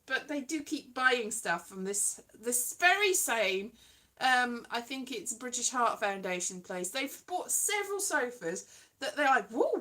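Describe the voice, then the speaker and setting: A woman's voice: high-pitched, bright, forceful tone. A woman hosting a casual livestream from home, rambling and self-deprecating, now and then singing her lines. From Wales. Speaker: livestream host.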